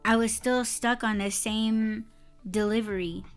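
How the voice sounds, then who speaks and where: A woman's voice: a little high, fairly even intonation, unhurried, smooth, faint music behind. A woman co-hosting a casual podcast, telling a story in a heated, profane way and breaking into laughter. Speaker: podcast co-host.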